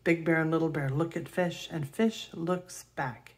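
A woman reading a children's picture book aloud in a gentle, expressive way. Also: deep voice, a little slow. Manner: gentle, expressive read-aloud with gasps and soft laughs. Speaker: storybook reader.

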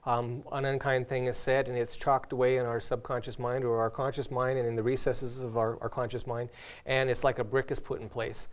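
A man hosts a relaxed conversation on faith and family. His voice sits at an ordinary pitch for a man. He tells illustrations earnestly, with the odd light laugh. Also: fairly quick. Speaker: host. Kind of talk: casual spiritual discussion.

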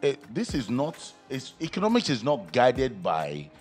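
A man's voice: medium pitch, a little slow. Nigerian man, guest podcast co-host, emphatic ranter, faint music bed. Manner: emphatic, animated, ranting with bursts of laughter. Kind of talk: casual podcast chat.

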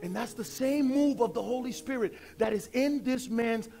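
A man in his forties preaching a sermon as pastor, conversational and emphatic, slowing down to stress points. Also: very high-pitched, gravelly, mellow, faint music behind. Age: 40s.

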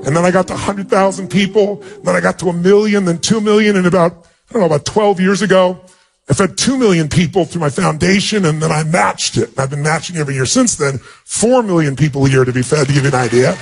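A man giving a motivational speech, telling a personal story with emotional, animated delivery and a husky voice. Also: fast talker. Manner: emotional, animated storytelling, rising in pitch when stirred. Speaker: motivational speaker.

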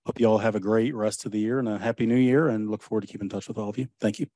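A man's voice: on the low side, fairly even intonation, rapid-fire, dark tone, dry recording. A man on the county staff giving thanks to the board during public comment, in a friendly, easygoing way.

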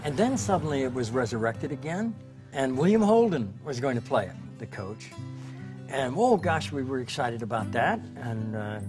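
A man of middle pitch tells animated stories about an old colleague in a documentary interview, slipping into quick impressions. Soft music plays faintly underneath. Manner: animated storytelling, imitating voices. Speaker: interviewee, actor.

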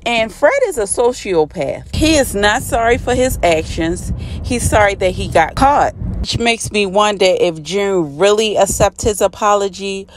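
Woman recapping a show, blunt and slangy, mid pitch, bit of noise behind. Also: animated, measured pace. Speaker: TV recap vlogger. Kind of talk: casual episode recap.

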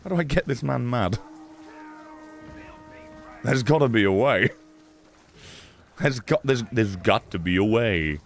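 A man's voice: medium pitch, animated, a little slow, creaky, long pauses, faint music behind. Sarcastic man streaming a game. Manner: sarcastic, mocking banter with the game. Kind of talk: live gameplay commentary.

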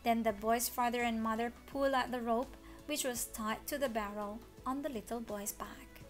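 A woman reading a children's story aloud, expressive with dramatic gasps. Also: a little high, normal speed, faint music behind. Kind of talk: children's read-along story.

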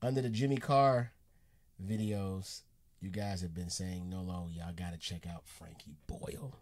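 A man's voice: deep voice, fairly even intonation, measured pace, darkish tone. A man casually hosting a comedy reaction video, loose and slangy.

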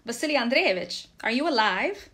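Woman reading as a peasant workman, weary, dogged, loud urging calls, storybook. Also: a little high, animated, measured pace. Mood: urgent, weary. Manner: calling out loudly, urging.

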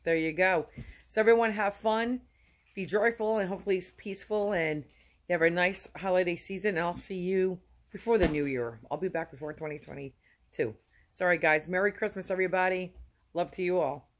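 A woman's voice: fairly low pitch, brisk. A woman in her fifties sends effusive, rambling holiday greetings to her viewers from her home. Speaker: vlogger.

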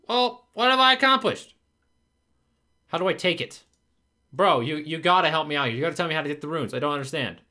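Man, gameplay commentary, lively pitch, bright voice, frustrated, swearing, muttering to himself. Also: fairly quick, pauses often. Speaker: gaming video creator.

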